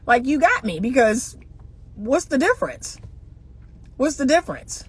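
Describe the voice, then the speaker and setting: A woman's voice: sits high, very animated, unhurried, breathy edge. A middle-aged woman, a relationship coach, talking to camera in a blunt, emphatic, lecturing way and hammering points home with repeated rhetorical questions. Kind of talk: opinionated monologue to camera.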